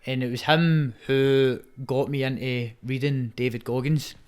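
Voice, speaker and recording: A man's voice: medium pitch, steady tone, measured pace, clear, resonant tone. A young Scottish man, a fighter, talking earnestly and swearing freely as a podcast guest. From Scotland. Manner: sweary, earnest, says "mate" often. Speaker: guest, Muay Thai fighter. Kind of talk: casual podcast chat.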